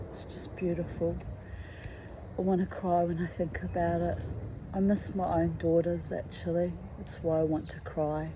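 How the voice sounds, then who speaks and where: Middle-aged woman rambling on about her week, deep-ish voice, bit of faint hiss behind. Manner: candid, emotional and chatty, drifting between topics. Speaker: vlogger. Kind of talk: rambling personal monologue.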